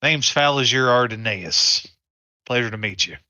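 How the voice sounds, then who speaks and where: A man's voice: mid-range voice, expressive, moderate pace, bright, forceful tone, no room sound. A man playing a character in a tabletop game, polite with hesitant restarts. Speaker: player.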